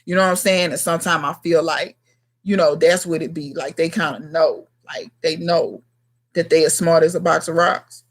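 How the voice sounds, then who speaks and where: With a low-pitched, steady voice at a moderate pace, a woman in her thirties who hosts a gardening channel chats casually on a livestream. She's blunt with her viewers, using slangy, emphatic language.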